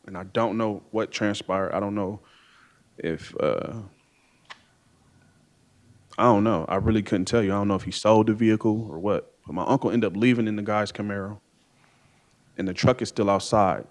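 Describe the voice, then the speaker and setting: A man with a somewhat low voice tells his side of events from the witness stand. His speech is hesitant and meandering, full of ums and repeated "I don't know"s. He is heard through the courtroom's stand microphone. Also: steady tone, normal speed, pauses often. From Ohio, USA. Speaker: defendant testifying. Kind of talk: courtroom testimony.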